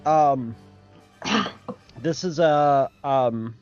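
A man co-hosting a podcast, chatting casually in a halting way. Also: mid-range voice, a little mellow, smooth, muffled recording, soft background music. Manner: halting, with fillers and restarts. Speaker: podcast co-host. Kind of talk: casual chat.

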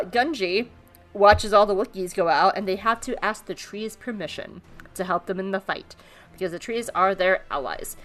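A woman recaps an episode in a casual, playful chat, laughing as she goes. Her voice sits in an ordinary middle pitch. Faint music plays behind her. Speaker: podcast co-host.

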